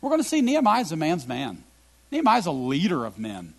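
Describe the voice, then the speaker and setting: A middle-aged man delivering a sermon as a pastor, his voice husky and slightly higher than most men's. He moves in big swings between loud emphatic bursts and quiet, low reflective lines, with a gravelly edge throughout. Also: huge pitch swings, a little fast.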